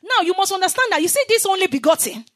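A woman's voice: extremely high pitch, very animated, racing, a bit bright. A woman preaching a sermon, teaching emphatically with repetition and call-and-response, leaving scripture lines for the listeners to finish.

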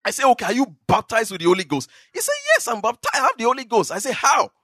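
A man with a Nigerian accent preaching in church, telling testimonies in a lively way with bursts of laughter. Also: very high voice, fast talker, slightly rough, no echo, clean studio sound. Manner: animated storytelling with laughter. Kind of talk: sermon testimony.

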